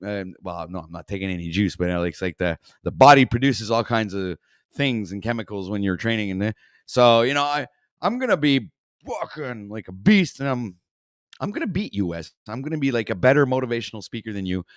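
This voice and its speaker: Reacting to a video on his talk stream, a man delivers rambling commentary full of swearing and filler words, ranting and trailing off as he goes. His fairly low voice is animated and brisk, captured as clean studio sound without echo.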